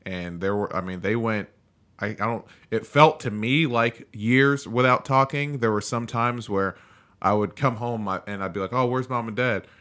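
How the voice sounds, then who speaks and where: A man's voice: fairly low pitch, moderate pace, pushed and bright. A man in his thirties hosting a podcast, chatting casually and loosely with frequent filler phrases. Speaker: podcast host. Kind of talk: casual chat.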